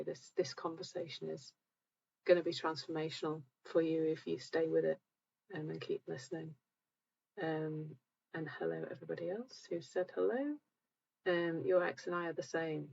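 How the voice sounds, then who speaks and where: A calm, gentle woman hosting a live session, talking reassuringly to viewers while sounding a bit tired. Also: deep voice, moderate pace, creaky, breathy edge, muffled recording. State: tired, low energy. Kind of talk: live-stream talk answering viewer comments.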